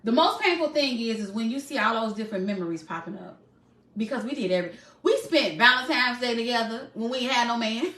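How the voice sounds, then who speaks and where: A woman's voice: a little high, lively intonation, moderate pace, fairly bright tone, reverberant. A woman hosting a live stream, speaking candidly and emotionally to her viewers and calling them y'all.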